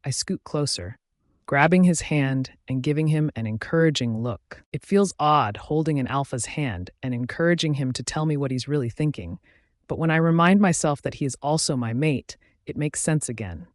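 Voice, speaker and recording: A man's voice: a little high, animated, moderate pace, no echo, clean studio sound. Man narrating a romance audiobook. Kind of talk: scripted first-person audiobook narration.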